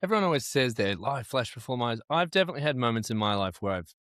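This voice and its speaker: Animated, lively male co-host. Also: mid-range voice, rapid-fire, no room sound, clean studio sound. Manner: animated, swears freely. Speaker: podcast co-host. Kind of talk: casual chat.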